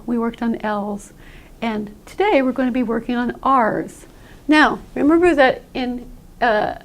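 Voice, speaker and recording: A woman with a high, gravelly voice teaches pronunciation. She explains patiently and says sample sounds aloud for learners to copy. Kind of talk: classroom-style explanation.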